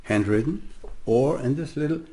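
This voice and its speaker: A man with a German accent giving a rambling spiritual talk as a teacher, laughing often and swinging from soft asides to loud declarations. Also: mid-range voice, moderate pace.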